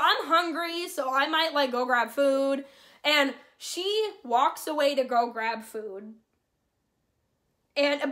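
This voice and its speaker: A young woman telling a rambling, excitable concert story to camera, swearing freely. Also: high voice. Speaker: vlogger. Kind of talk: casual storytelling.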